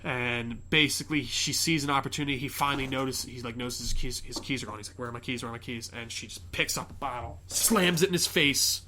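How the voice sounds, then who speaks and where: Against a noisy background, a male podcast host rambles through a movie's plot, quoting the characters and peppering it with fillers and curse words. His medium-pitched voice moves fairly quickly with hardly any pauses.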